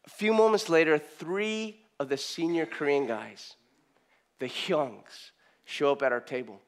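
High-voiced preacher telling a lively story. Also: male voice, unhurried. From Southern California, US. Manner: animated, acts out quoted speech, frequent restarts. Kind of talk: storytelling sermon. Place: in front of a live congregation.

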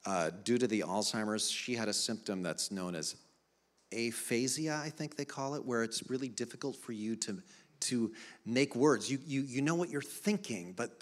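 A middle-aged man preaching a sermon to a church congregation. His pitch roams widely, dropping low and soft in the stories and climbing high and loud in the appeals. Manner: animated storytelling, soft low stretches rising to loud emphatic appeals. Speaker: pastor.

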